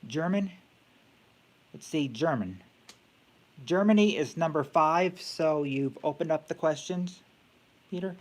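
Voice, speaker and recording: A man with a fairly high voice runs a casual quiz game on a live stream. He talks in a halting way, thinking aloud with plenty of fillers and restarts.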